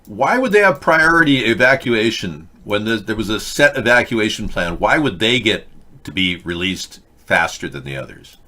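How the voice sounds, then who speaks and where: A man's voice: lowish voice, very animated, moderate pace, sharp tone. A man hosting a live video-chat show, commenting indignantly and answering viewers. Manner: indignant, rambling, talks back to chat. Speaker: host.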